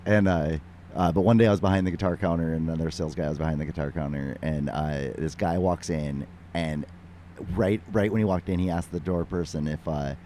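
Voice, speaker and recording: A man with a very deep voice hosts a podcast and tells a story. He rambles and halts, filling the gaps with "uh" and "um." Faint noise sits behind him. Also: steady tone, dark tone. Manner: rambling, halting, lots of "uh". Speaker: podcast host. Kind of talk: casual conversation.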